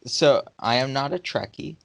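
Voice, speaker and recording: A man's voice: medium pitch, normal speed, creaky, fairly bright tone. A man co-hosting a casual chat, talking in a hesitant way with fillers. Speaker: podcast co-host.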